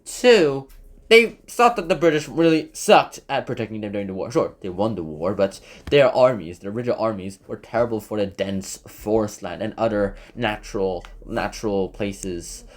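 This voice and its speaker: A man explaining history in a casual, chatty way, often correcting himself mid-sentence and throwing in asides. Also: normal speed. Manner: chatty, self-correcting, lots of fillers and asides; lively, swooping pitch.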